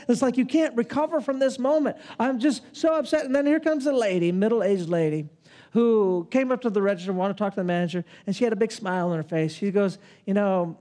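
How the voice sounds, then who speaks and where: A man in his fifties telling a personal story in a sermon, in an animated, self-mocking way. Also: very high voice. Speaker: preacher.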